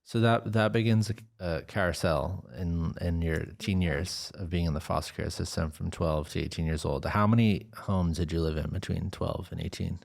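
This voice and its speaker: A man hosting an interview, reflective and halting, stringing thoughts together with repeated "and". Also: sits low, fairly even intonation, vocal fry. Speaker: podcast host. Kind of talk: conversational interview.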